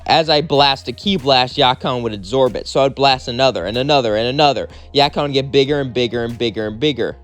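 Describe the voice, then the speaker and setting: A man's voice: mid-range voice, fairly quick, few pauses, soft background music. A young man casually narrating his own fan-fiction adventure, rambling and acting out every character himself. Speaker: storyteller.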